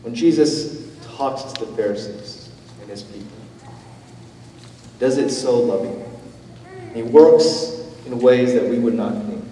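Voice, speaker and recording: A man preaching a sermon as pastor, with a conversational, gentle manner and casual fillers. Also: mid-range voice, unhurried, pauses often, a little hiss or hum. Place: church sanctuary. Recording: roomy church hall, from a distance.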